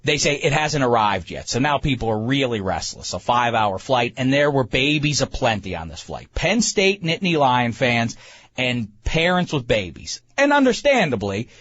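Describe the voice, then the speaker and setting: A man, host of a talk show, telling a comic story in an animated, self-mocking way with many stammering restarts. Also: mid-range voice, normal speed, muffled recording. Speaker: podcast host.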